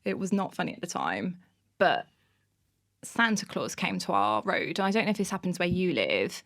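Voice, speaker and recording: Animated woman telling stories. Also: on the low side, moderate pace. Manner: animated, laughing, self-mocking anecdotes. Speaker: podcast guest, author. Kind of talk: casual interview storytelling.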